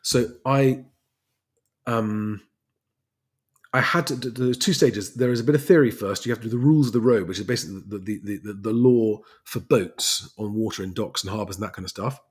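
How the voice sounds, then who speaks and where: A man's voice: lowish voice, fairly quick, husky. An English man hosting a casual livestream, chatting loosely with plenty of fillers and restarts as he answers viewer questions. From England. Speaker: livestream host and private pilot.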